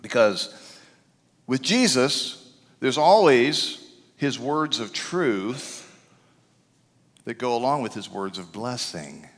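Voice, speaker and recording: Pastor guy preaching, goes loud then quiet, bouncy highish voice, big reverby church hall. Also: slow pace, pauses often. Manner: animated, shouts for emphasis, drops to a hush. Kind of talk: sermon. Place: church sanctuary.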